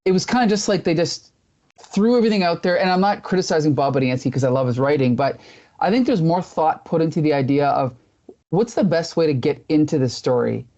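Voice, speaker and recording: A man's voice: on the high side, fairly quick, a little mellow. A man co-hosting a casual comics discussion, rambling and thinking aloud as he goes. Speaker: podcast co-host. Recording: dull lo-fi audio.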